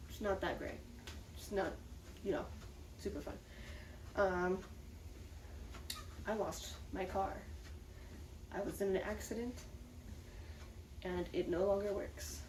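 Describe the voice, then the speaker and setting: A woman with a mellow, medium-pitched voice speaks candidly to the camera in a casual vlog, staying chatty and upbeat about a hard time. She's recorded from some distance in an echoey room, with faint ambience and slight background noise.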